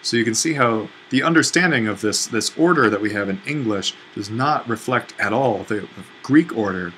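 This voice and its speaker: A Greek teacher with a fairly low, fairly bright voice and lively intonation works through a language exercise step by step at a moderate pace. He thinks aloud, using fillers and correcting himself, on a low-quality recording with slight background noise.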